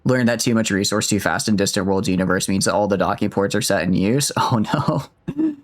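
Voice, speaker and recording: A man's voice: on the low side, big pitch swings, brisk. A man in his twenties chatting casually with viewers while streaming a game, rambling and joking at himself. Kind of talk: casual gaming stream chat.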